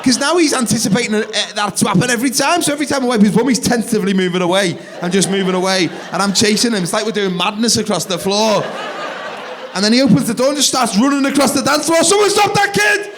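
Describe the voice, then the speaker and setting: Brief: male stand-up, thirties, fairly high voice, animated live storytelling on a theatre stage. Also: a little hiss or hum. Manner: animated, acts out kids and wife in quick voices. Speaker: stand-up comedian.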